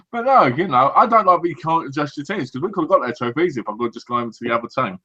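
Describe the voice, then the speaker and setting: A man with a bright, slightly high voice, chatting loosely about video games and swearing as he goes. He slips into quick mock voices to act out what other players say. The recording is dull and lo-fi. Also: animated, breathy edge. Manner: swears freely, acts out mock quotes. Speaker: podcast co-host. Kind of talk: casual gaming chat. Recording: dull lo-fi audio.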